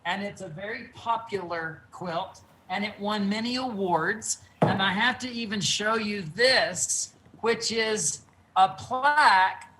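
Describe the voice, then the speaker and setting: A man speaks over a video call from his studio, telling stories in an earnest, unhurried way. Faint background noise sits under his voice. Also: sits high, bright, forceful tone, low-quality recording. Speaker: guest quilt artist. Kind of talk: casual storytelling interview.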